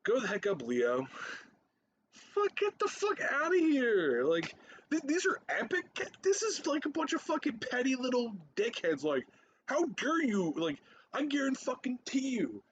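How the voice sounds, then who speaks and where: A man's voice: very high voice, wildly swooping pitch, measured pace, dull audio, slight background noise. A man in his thirties ranting in a profane, rambling reaction commentary, repeating himself and laughing between points. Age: 30s.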